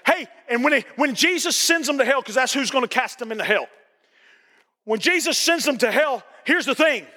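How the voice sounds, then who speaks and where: A middle-aged male pastor delivers a sermon with emphatic repetition and sudden shouting. His voice is strikingly high and bright. It rings through a reverberant church sanctuary. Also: animated, moderate pace.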